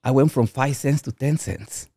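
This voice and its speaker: A man's voice: mid-range voice, moderate pace, vocal fry, mellow, breathy edge, no room sound, studio quality. A man from Guatemala, a podcast guest telling personal stories in a rambling way and often saying "you know what I mean". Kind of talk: candid personal storytelling.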